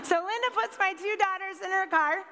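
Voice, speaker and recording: A high-pitched woman in her forties tells a personal story to a live audience. She is lively, slips into other people's voices for quotes, and fills pauses with ums. Her voice rings through a large hall with a long reverb tail. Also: very noisy. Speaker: speaker telling a personal story.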